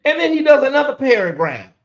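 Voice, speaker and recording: A woman's voice: high voice, big pitch swings, fast talker. A woman hosting a casual livestream, rambling in a loose, repetitive way and talking straight to her chat. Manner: rambling, repeats phrases, talks to chat. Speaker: livestream host.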